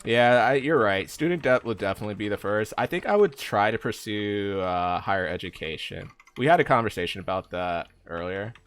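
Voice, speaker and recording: A young man talks to his viewers while he plays, in a fairly low voice. He rambles loosely and leans on fillers as he answers chat. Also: lively intonation, fairly quick, few pauses, a bit bright, clear, resonant tone. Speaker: streamer. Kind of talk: casual live-stream chat while gaming.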